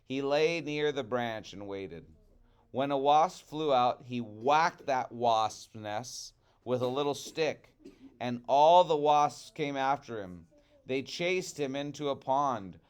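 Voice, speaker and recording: Male teacher reading a storybook to kids, expressive with chatty asides, slow pace, smooth clear voice. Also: mid-range voice. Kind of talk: reading a storybook aloud to children.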